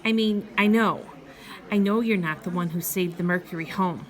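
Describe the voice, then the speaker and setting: A woman voicing a blunt, pushy male TV reporter in an audiobook, speaking a bit louder than her narration. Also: lowish voice, moderate pace, close to an everyday voice. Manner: blunt, confronting.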